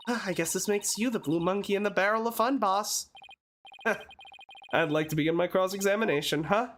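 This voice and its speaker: A woman's voice: medium pitch, moderate pace, a little hiss or hum. Chatty woman streamer laughing along. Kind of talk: casual game commentary.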